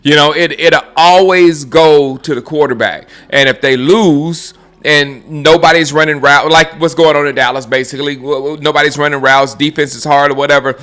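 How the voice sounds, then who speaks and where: A man's voice: fairly high pitch, fairly even intonation, normal speed, fairly bright tone. A man hosting his own live stream, ranting about football in a casual, mocking way, often laughing and restarting his sentences. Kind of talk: casual sports rant.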